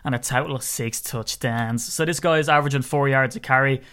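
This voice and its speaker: A man's voice: mid-range voice, a little fast, a bit bright, smooth. A young man with an Irish accent hosting a casual sports podcast, joking and swearing freely. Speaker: podcast host. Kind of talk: casual chat.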